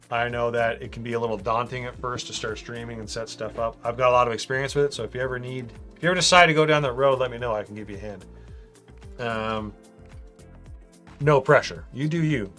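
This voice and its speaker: A man's voice: medium pitch, sharp tone. A man chatting casually on a live stream while building a model, reading out viewer comments and tossing in "man" a lot. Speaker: livestream host building a brick model. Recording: faint music behind.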